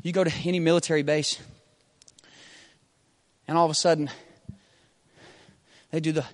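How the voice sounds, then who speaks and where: A man preaching a sermon with passion, often building from a hushed tone to shouting and using repeated rhetorical questions. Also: on the high side, flat delivery, moderate pace. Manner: impassioned, rises to shouting.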